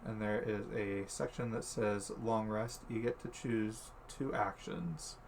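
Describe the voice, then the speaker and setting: A man acting as game master, explaining tabletop rules in a relaxed way with frequent fillers. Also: lowish voice, slow, a little hiss or hum.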